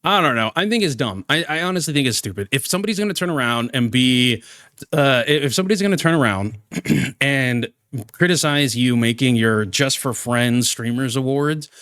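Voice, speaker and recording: A man's voice: mid-range voice, animated, moderate pace, a bit bright, clear, resonant tone, no echo, studio quality. A man giving exasperated reaction commentary on a streamer, ranting with many restarts.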